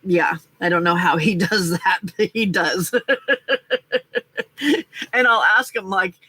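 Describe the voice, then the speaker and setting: A woman hosting a casual live crafting stream, chatty and quick to laugh as she reads out viewer comments. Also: lowish voice, sharp tone, husky, poor audio.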